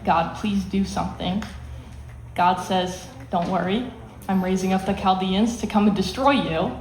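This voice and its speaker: A woman's voice: mid-range voice, unhurried, darkish tone. Woman teaching a Bible lesson, echoey. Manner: explains plainly, acts out quotes with emphasis. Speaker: youth Bible study teacher. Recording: echoey room, faint hiss.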